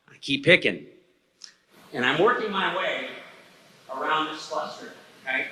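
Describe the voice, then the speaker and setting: A man's voice: a little high, animated, normal speed, pauses often, bright, forceful tone, slightly rough. Folksy man telling a story in a hall. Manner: folksy, rambling, checks in with "okay?". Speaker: eyewitness speaker at a talk. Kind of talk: storytelling to a live audience. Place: hall before an audience. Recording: reverberant hall sound.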